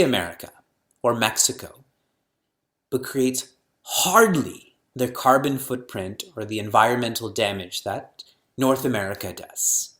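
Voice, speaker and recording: A middle-aged spiritual teacher addresses an audience on scripture, peppering the talk with rhetorical questions and slow chanting of verses. His pitch is medium and his tone fairly bright.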